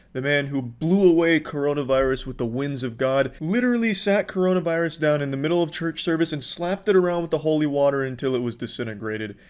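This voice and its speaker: Man, sarcastic commentary, mock-sincere, heavy swearing, slightly high voice.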